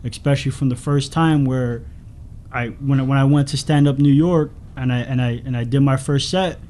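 A man's voice: medium pitch, fairly even intonation, moderate pace, darkish tone. A man from the Bronx, a new stand-up comic guesting on a casual podcast, rambling through his story with crude jokes.

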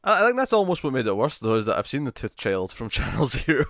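A man in his casual podcast voice, lively and quick to laugh and tease. His pitch sits in the middle, and the recording is dry with no room echo. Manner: animated, laughing, teasing. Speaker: podcast co-host. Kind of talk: casual chat.

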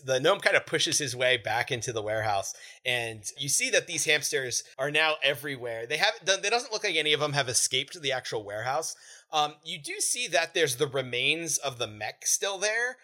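A man narrating a tabletop role-playing game as game master, describing scenes in a relaxed way. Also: medium pitch, fairly quick.

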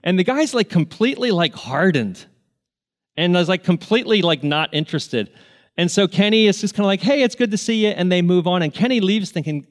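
A man with a high voice preaches, telling stories in an earnest, heartfelt way. He keeps a sermon's conversational storytelling tone. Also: animated, brisk. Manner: earnest, emotional, tearful at moments. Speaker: pastor.

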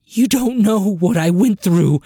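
A narrator voicing a young woman, a worried and loving sister who speaks with a rasping, tearful voice. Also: mid-range voice, a little slow, a little mellow, no room sound, studio quality, natural voice. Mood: distraught. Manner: pleading, tearful.

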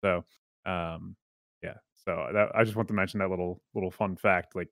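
A man's voice: low voice, fairly even intonation, moderate pace, vocal fry, no echo, studio quality. A man chatting casually in a group podcast, giggly and trailing off mid-sentence.

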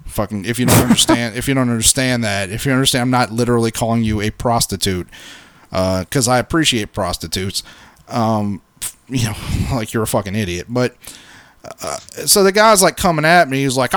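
Male podcast co-host, casual storyteller, heavy swearing, mid pitch, dry sound. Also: fairly quick, dry recording. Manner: profane, animated, acts out quotes.

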